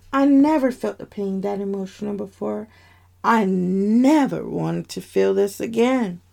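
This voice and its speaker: A woman's voice: mid-range voice, measured pace, creaky, a little mellow. A woman narrating a dramatic story in the first person, with heartfelt emotion.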